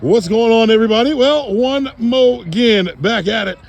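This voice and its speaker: A man's voice: extremely high pitch, moderate pace, vocal fry, highs cut off, loud music behind the voice. A man playfully interviewing people at an outdoor football practice, teasing and hyping them up. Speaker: sideline interviewer. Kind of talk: casual sideline interview.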